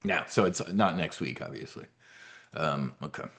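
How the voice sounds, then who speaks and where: A man's voice: very deep voice, lively intonation, moderate pace, gravelly, a bit bright. A man hosting a live trading brief, talking in a brash, boastful, rambling way. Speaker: trading newsletter host. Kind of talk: live market commentary.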